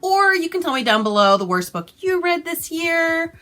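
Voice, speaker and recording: A woman's voice: very high-pitched, normal speed, faint music behind. A woman vlogging a casual, exasperated and sarcastic book review from home. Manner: exasperated, sarcastic, animated retelling.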